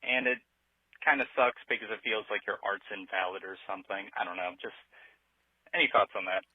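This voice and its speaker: A man's voice: fairly low pitch, steady tone, fairly quick, breathy edge, no echo. A man leaving a hesitant, discouraged voicemail question for a podcast. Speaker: caller. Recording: tinny phone voicemail.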